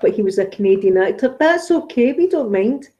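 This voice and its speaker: Scottish lady rambling through a chill live chat, mellow voice, lots of ums. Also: fairly high pitch, lively intonation, a little fast. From Scotland. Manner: chatty and rambling, with frequent fillers. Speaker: ASMR channel host. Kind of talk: casual live chat, reading viewer comments.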